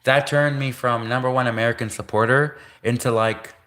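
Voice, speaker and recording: A man's voice: mid-range voice, fairly even intonation, moderate pace, fairly bright tone. A man from Canada on a livestream, rambling through a monologue with restarts, self-corrections and half-jokes.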